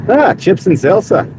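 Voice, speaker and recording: A man live-streaming from his car as a delivery driver, chatting casually with viewers and playfully repeating words. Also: high-pitched. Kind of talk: casual live-stream chat while driving. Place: inside a car. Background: faint car noise.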